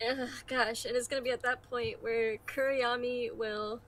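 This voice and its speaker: A woman's voice: a little high, level tone, a little slow, hardly any pauses, a bit bright, no room sound. A woman narrating her character's actions in a tabletop game, laughing and crying as she talks. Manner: laughs and cries while talking. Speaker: tabletop player. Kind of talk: casual role-play narration.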